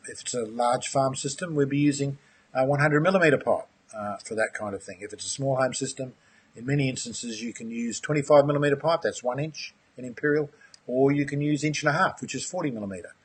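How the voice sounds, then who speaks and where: An enthusiastic, chatty middle-aged man, talking through a live online presentation. His voice is very rough and husky, sitting at a middle pitch for a man. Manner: enthusiastic, chatty, uses "mate". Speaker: aquaponics course host.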